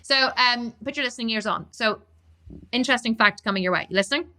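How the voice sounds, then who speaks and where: Fast, blunt woman fitness coach. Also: a little high. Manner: fast, emphatic, blunt and animated. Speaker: fitness coach hosting a live Q&A. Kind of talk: live-stream Q&A, casual and fast.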